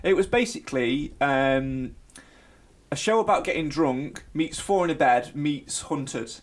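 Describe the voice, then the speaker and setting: A man, a little high in pitch, chats on a podcast with a couple's easy rapport. He talks in an animated, jokey way and swings into bigger bursts of energy. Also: measured pace. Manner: animated, jokey, bursts into sung tunes and mock shouts. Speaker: podcast co-host. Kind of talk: casual chat.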